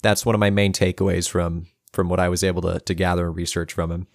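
Guy cohosting a podcast, kinda low voice, jokey and rambly, dry close mic. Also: flat delivery, fast, gravelly, no echo. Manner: joking, rambling, laughs easily. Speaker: podcast co-host. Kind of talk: casual chat.

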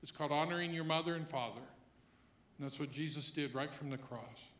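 A man preaching a sermon in a church, dropping to a hush and then rising to loud emphasis as he acts out quoted lines. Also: on the high side, fairly quick, slight background noise. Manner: swings between hushed and loud emphasis. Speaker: pastor. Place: church hall.

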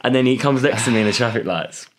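A young man chatting casually on a podcast, telling an animated story with laughter and acted-out voices. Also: medium pitch, fast, slight background noise. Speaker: podcast co-host. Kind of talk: casual chat.

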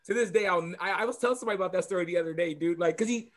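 Man, referee, fast casual talk, self-deprecating, slightly high voice. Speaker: basketball referee. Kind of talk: casual chat.

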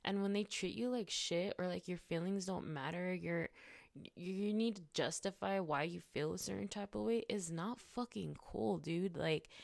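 A woman's voice: lowish voice, creaky, darkish tone, no room sound, studio quality. A young woman podcast host telling a story casually, blunt and upset, swearing heavily and filling her talk with "like". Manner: filler-heavy talk with many likes.

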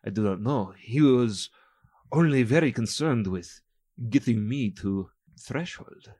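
A man's voice: medium pitch, expressive, mellow, husky, no echo, clean studio sound. A man voicing a solemn male wanderer who speaks formally and carefully in a tabletop game. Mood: earnest. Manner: formal, measured, no contractions.

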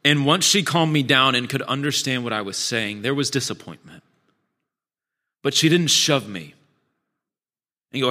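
Bright-voiced man preaching in a hall. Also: mid-range voice, animated, moderate pace, long pauses. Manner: candid storytelling, self-deprecating. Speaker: pastor. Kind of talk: sermon. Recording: long church hall reverb.

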